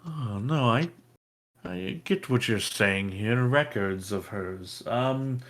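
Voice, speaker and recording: A man's voice: medium pitch, lively intonation, slow pace, fairly bright tone. A man voicing a former mage's apprentice who hedges constantly and keeps saying "I mean". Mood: evasive. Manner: hesitant, full of "I mean". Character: man, former student of a mage, evasive and rambling.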